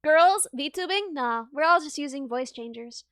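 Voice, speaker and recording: A woman with a very high, sharply bright voice chats on a livestream, giggling and bubbly, poking fun at herself. The sound is close and dry, with no room around it. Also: animated, measured pace, no room sound. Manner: giggly, bubbly, self-deprecating. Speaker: streamer. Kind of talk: casual livestream chat.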